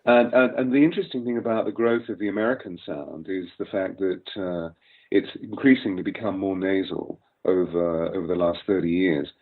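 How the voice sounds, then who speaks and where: Deep-voiced older man with RP accent. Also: fairly even intonation, brisk. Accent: Received Pronunciation. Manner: articulate, lecturing, long flowing sentences. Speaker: voice coach guest. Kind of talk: expansive interview explanation. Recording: tinny phone-like sound.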